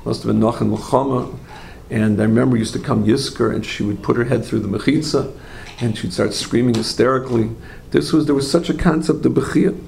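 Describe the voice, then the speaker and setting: A man teaching a religious class, an animated storyteller who asks rhetorical questions, makes asides to his listeners, and often corrects himself mid-phrase. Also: mid-range voice, a little fast, creaky, slight background noise. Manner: frequent self-corrections and trailing phrases. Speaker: Torah teacher.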